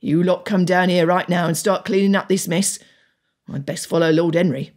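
A woman's voice: fairly low pitch, steady tone, normal speed, darkish tone, natural voice. A woman voicing a flustered, deferential male stable groom.

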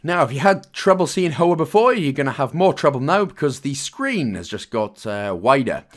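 Welsh-accented young man, game guide host, jokey and rambling, animated sing-song delivery. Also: on the high side, normal speed. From Wales. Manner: chatty, jokey, loose with asides and fillers. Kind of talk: casual gameplay walkthrough commentary.

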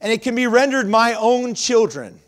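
A man in his forties preaching a sermon as pastor, swinging from loud emphasis to quiet, confiding asides. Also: very high-pitched, animated, normal speed.

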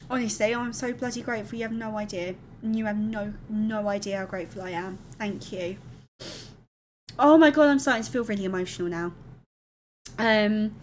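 A woman's voice: medium pitch, a little hiss or hum. A woman streaming live, chatting candidly and thanking viewers affectionately, calling them darling. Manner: candid and emotional, rambling. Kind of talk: casual live-stream chat.

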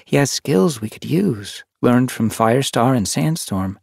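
A man's voice: mid-range voice, animated, a little slow, gravelly, a little mellow, husky, dry recording, studio quality, pitched above the performer's own voice, full character voice. A man voicing an earnest female cat who leads her clan, in an audiobook.

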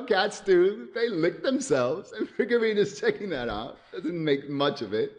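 A man excitedly narrating his cartoon idea, laughing through it and acting out sound effects and cries. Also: high voice, a little slow. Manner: keeps laughing at his own story. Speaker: animator pitching a cartoon. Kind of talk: excited story pitch narration.

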